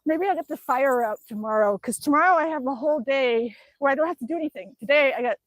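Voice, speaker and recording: Bubbly high-voiced older woman streaming. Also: quick pace, dry recording. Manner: bubbly, chatty, laughs often, fond baby talk to her dog; working out on an exercise bike while talking. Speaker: live streamer. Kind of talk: casual live-stream chat reading comments. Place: at home, indoors.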